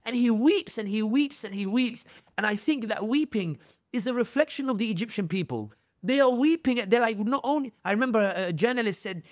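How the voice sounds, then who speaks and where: A man with a raised, fairly high speaking voice talks as a podcast guest, close and dry on a studio mic. He tells his stories with strong feeling and slips into the voices of the people he quotes. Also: a little fast, no room sound. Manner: animated storyteller, acts out quoted voices. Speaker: guest commentator. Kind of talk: podcast interview.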